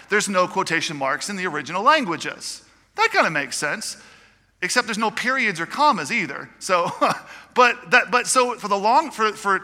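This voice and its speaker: A man's voice: sits high, pushed and bright, big-room sound. A man preaching a chatty sermon, mixing teaching with joking asides to the congregation. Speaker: pastor. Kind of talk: conversational sermon.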